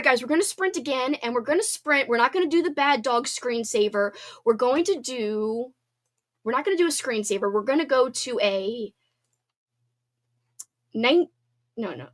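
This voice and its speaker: Congested, bubbly woman streamer with a high voice. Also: a bit bright. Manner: chatty, bubbly, apologetic, laughs often. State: congested, sniffling. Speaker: livestream host. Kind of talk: casual live-stream chat.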